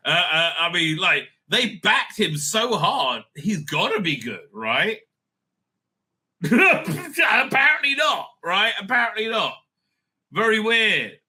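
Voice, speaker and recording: A middle-aged man rambles through a casual review in a high, sharply bright voice. His pitch leaps all over the place as he swears bluntly and laughs between thoughts. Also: unhurried, breathy edge. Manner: excitable, profane and blunt, laughing often, trailing off mid-thought. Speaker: show host reviewing TV episodes.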